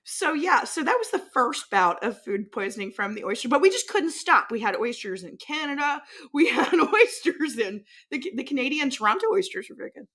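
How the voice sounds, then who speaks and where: A woman's voice: high voice, big pitch swings, brisk, few pauses, a bit bright. A woman tour manager, likely in her thirties, telling a story in casual chat, swearing freely and laughing mid-sentence.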